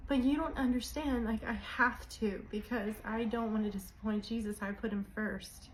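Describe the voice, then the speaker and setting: A woman with a high voice talks to viewers in a loose, rambling way, often apologizing and sounding emotional. There is a faint hiss of noise behind her. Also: steady tone, normal speed, few pauses, low-quality recording. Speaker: co-host of a religious channel. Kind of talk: casual emotional talk to viewers.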